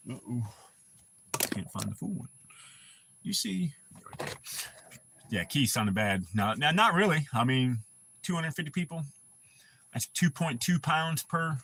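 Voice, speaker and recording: A man's voice: medium pitch, fairly bright tone, husky. A man chatting casually on his livestream, telling rambling, profane stories. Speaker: livestream host.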